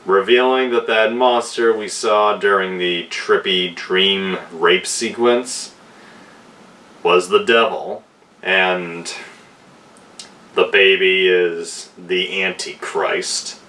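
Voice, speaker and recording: Low-voiced male reviewer, casual and unhurried, a bit off-mic. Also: fairly even intonation, sharp tone, a little hiss or hum. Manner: unhurried plot retelling with fillers and restarts. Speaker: film reviewer. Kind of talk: casual spoken film review. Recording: voice distant from the mic.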